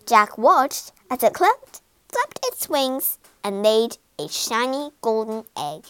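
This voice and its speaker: Expressive high-voiced woman reading a storybook. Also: slow pace, smooth. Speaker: narrator. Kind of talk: storybook narration.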